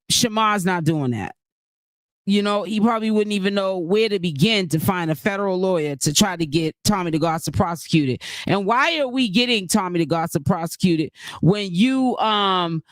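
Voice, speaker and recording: A casual live-stream commentator talks at a middle pitch, rambling through points with plenty of fillers and restarts. The host keeps breaking off to thank and greet viewers by name from the chat. The sound is close and dry, with no room around it. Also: a bit bright, no echo.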